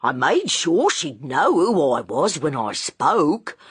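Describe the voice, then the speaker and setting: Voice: medium pitch, very animated, a bit bright, breathy edge, no echo, full character voice. A narrator doing a sheepish young detective. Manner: slow, earnest, working-class speech. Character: young man, a detective, sheepish and good-natured.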